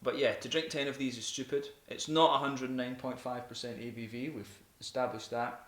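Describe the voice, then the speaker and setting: A man's voice: mid-range voice, steady tone, normal speed. Joking man with an echoey mic. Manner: joking, rambling, with frequent laughter. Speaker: beer review host. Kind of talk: casual chat. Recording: roomy echo with faint hiss.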